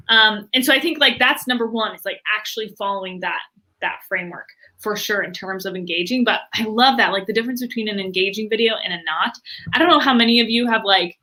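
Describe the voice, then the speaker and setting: A woman guest in an interview, talking with lots of fillers and acting out other people's reactions in quick quoted voices. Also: on the high side. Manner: animated, many fillers, acts out quoted reactions. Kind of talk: enthusiastic interview talk.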